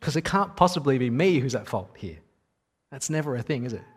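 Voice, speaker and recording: A man's voice: medium pitch, animated, a little fast, slightly rough. A man in his thirties preaching a sermon in a conversational, wry storytelling manner.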